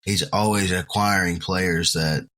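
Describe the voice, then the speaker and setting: A man co-hosting a sports podcast, calmly breaking down games in a casual chat. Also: low-pitched, a little slow. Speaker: podcast co-host.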